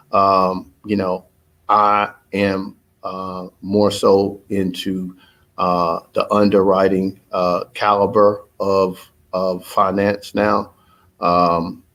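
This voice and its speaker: A man, probably in his thirties, gives his followers a casual, rambling, motivational update about his business, full of fillers and restarts. His voice is low-pitched and a bit bright.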